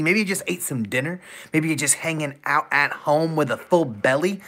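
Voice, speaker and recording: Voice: medium pitch, fairly bright tone. A livestream host chatting casually with viewers at night, upbeat and laughing often. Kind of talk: casual live-stream chat.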